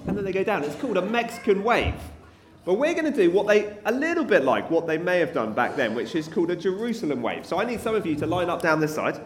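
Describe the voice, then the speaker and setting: A man leads a playful children's talk in church, coaxing the kids to join in. His voice sits high and swings up and down with energy. The sound is roomy, with a faint hum of the hall behind him. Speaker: preacher leading a family service.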